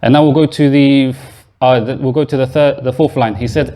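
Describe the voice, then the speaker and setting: A man teaches a grammar class in a mosque classroom, his voice sitting at an ordinary middle pitch. He explains patiently step by step, repeats each word, and turns to quiz his students as he goes. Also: fairly even intonation, brisk, hardly any pauses, mellow. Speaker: Arabic teacher.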